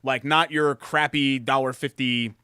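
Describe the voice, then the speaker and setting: A male co-host of a sports talk show, talking in a bright, lively tone with a casual, jokey manner. The sound is close and dry, with no room around it. He moves easily between sports opinions and playful sponsor plugs. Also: mid-range voice, unhurried, clear, resonant tone, no room sound. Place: studio.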